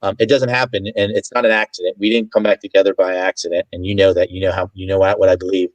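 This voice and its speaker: Man, earnest guest, measured and heartfelt, lowish voice, dry close sound. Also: level tone, no echo, rough recording. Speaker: guest, real estate agent. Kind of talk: casual online video chat.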